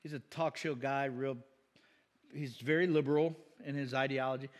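A man's voice: mid-range voice, steady tone, normal speed, long reverb tail. A man preaching a sermon as pastor, conversational and joking, with asides and chuckles.

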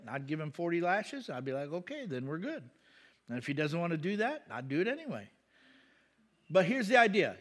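A man preaching a conversational sermon, asking the congregation questions and breaking into loud, emphatic bursts. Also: a little high. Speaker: pastor.

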